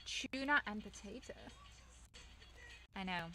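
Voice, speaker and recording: A woman's voice: mid-range voice, slow, bright, forceful tone, faint music behind, poor audio. A woman from England, chatting casually on stream, telling rambling stories and reading chat aloud, full of fillers and restarts.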